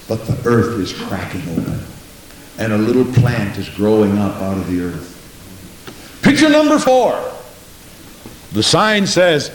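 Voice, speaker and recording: A man's voice: very animated, measured pace, long pauses. A man preaching a sermon, telling stories in an emphatic way and often repeating a short phrase of praise. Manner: emphatic, repeats "Praise the Lord", big pitch swings. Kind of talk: sermon with storytelling. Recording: very echoey room with faint hiss.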